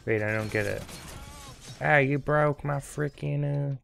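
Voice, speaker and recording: A man's voice: mid-range voice, unhurried, creaky, a bit bright, faint music behind. A young man giving goofy, rambling commentary on a game, sometimes singing bits of a song. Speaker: let's play commentator. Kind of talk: casual gameplay commentary.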